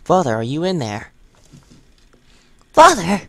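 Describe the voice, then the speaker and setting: A man voicing a timid, frightened young girl in a horror game, speaking softly and hesitantly. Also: a little high, huge pitch swings, slow pace, no echo, pitched above the performer's own voice, heavily acted.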